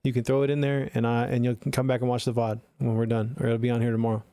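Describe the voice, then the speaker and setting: A man's voice: mid-range voice, little pitch movement, quick pace, dark tone, clean tone, no room sound. Blunt, profane man giving mix notes. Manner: blunt, profane, chatty coaching. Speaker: streamer giving music feedback. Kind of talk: casual live-stream critique.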